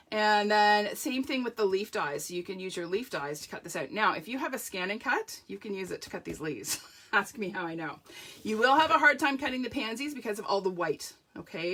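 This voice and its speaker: A woman talks through a live craft demonstration in casual, gushing chat, greeting viewers by name as she goes. Her voice is bright and crisp, at a middle pitch. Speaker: paper-craft demonstrator hosting a live launch party.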